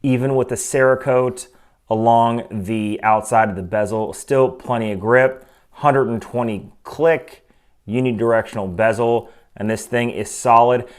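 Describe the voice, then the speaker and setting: A man's voice: medium pitch, fairly even intonation, measured pace, clear, resonant tone. Male host of a watch review channel, casual and opinionated, speaks into a desk microphone. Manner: opinionated, conversational, frequent asides.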